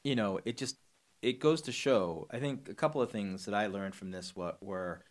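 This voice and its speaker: A man co-hosting a casual movie chat, talking in halting bursts with many restarts and a wry edge. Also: on the low side. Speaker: podcast co-host.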